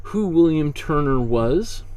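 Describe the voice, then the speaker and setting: A man teaching an online painting class in a casual, rambling way, often correcting himself and filling pauses. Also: fairly high pitch, expressive, a little mellow. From Canada. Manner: rambling, self-correcting, chatty with frequent fillers. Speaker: art instructor.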